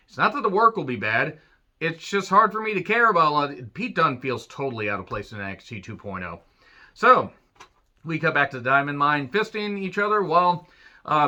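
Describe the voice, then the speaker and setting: A man rambles through a casual solo review of a wrestling show, full of sarcastic asides and grumbling jokes. His voice is very bright and forward, sitting a little high for a man.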